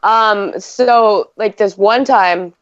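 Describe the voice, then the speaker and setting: A woman's voice: medium pitch, drawn-out words, no room sound. A woman in her thirties from Canada, chatting on a podcast and telling a long personal story full of fillers and quoted dialogue. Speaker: podcast co-host. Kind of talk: casual chat. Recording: dry, dull lo-fi podcast audio.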